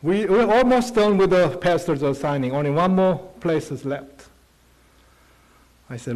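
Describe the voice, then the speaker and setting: A man's voice: fairly high pitch, measured pace, long pauses, darkish tone, low-quality recording. A male pastor preaching a sermon in earnest, conversational English.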